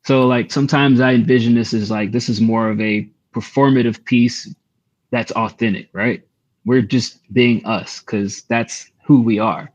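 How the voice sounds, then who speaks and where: A man's voice: medium pitch, steady tone, a little slow, muffled recording. A man co-hosting a casual stream chat as a rapper, talking in a reflective, laid-back way. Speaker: co-host and rapper.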